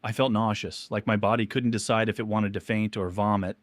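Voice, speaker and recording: A man with a low voice tells a first-person confession story in a measured, somber tone. The sound is dry and close, with no room around it. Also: steady tone, no echo.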